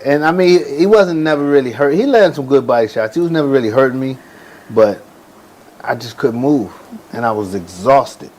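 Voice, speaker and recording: A man in his forties, a boxer and ring announcer, telling stories in a casual interview with relaxed slang. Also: medium pitch, moderate pace, slight background noise, poor audio. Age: 40s.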